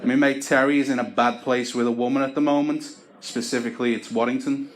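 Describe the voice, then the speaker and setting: A man's voice: medium pitch, fairly even intonation, fairly quick, heavy background noise. A man doing a stand-up routine of dry, self-deprecating stories on a comedy club stage. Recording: echoey club with crowd laughter.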